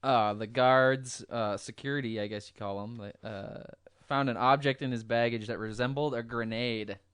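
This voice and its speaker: A man's voice: mid-range voice, steady tone, moderate pace, fairly bright tone, clean tone, no echo. A man hosting a podcast, reading news stories offhandedly with lots of uh's and chuckles into a close mic. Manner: reads news offhandedly with many ums and chuckles. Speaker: podcast host.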